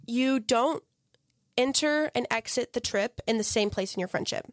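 A young woman co-hosting a casual podcast, chatty and quick with reactions and quips. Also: fairly high pitch, no room sound, studio quality. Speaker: podcast co-host. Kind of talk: casual chat.

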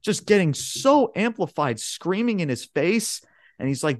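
A man co-hosting a podcast in casual chat, excitably retelling events in a rambling way, swearing often and calling listeners "bro" and "man". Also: sits high, unhurried, no echo, studio quality. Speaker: podcast co-host.

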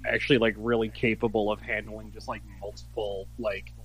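A man's voice: on the low side, little pitch movement, brisk, fairly bright tone, slight background noise, poor audio. A man in a casual chat who rambles and fills his talk with "like".

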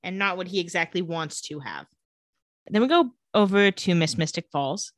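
A woman's voice: fairly low pitch, moderate pace, no echo. A woman co-hosting a casual podcast, retelling a TV episode and acting out the characters' lines. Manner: animated retelling with acted-out quotes. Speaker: podcast co-host recapping a TV episode. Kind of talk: casual chat.

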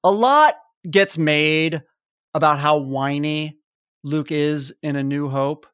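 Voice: mid-range voice, slow pace, a bit bright, clean tone, dry recording, studio quality. A podcast host chatting casually and enthusiastically, rambling with many fillers.

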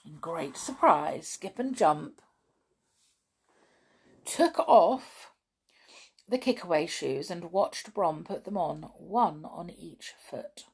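Woman storyteller, children's tale, very lively pitch, slow and unhurried. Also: slightly rough. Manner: animated, with chatty asides.

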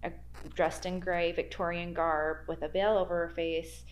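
A woman's voice: fairly low pitch, level tone, moderate pace. A woman guest telling a spooky workplace story in a podcast interview, acting out the quoted dialogue with big jumps in her voice. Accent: American Midwest. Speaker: guest, library archives worker.

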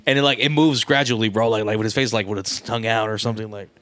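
A man's voice: fairly low pitch, steady tone, very fast, a bit bright, no echo. A man co-hosting a podcast in crude casual banter, full of slang and profanity, acting out little scenes as he talks. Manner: profane, slangy, tells acted-out scenarios. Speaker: podcast co-host.

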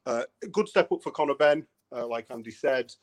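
A man's voice: mid-range voice, expressive, fairly quick. A man in his late thirties chatting about boxing on a podcast, hesitant and full of ums and restarts. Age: 30s. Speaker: podcast co-host. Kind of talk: casual chat.

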